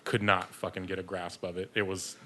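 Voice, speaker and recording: Podcast guest: man with a lowish, forceful voice, rambling and profane, self-mocking. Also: flat delivery, brisk. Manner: rambling, swears freely, laughs at himself. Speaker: podcast guest, beer distributor sales rep. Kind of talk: casual storytelling.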